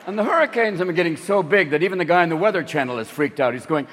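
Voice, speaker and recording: A man performing a stand-up comedy routine, loud and profane, jumping into exaggerated character voices. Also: a little high, lively intonation, very fast, few pauses. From lives in California. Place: stage before a live audience. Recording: live stage recording, audience and hall reverb.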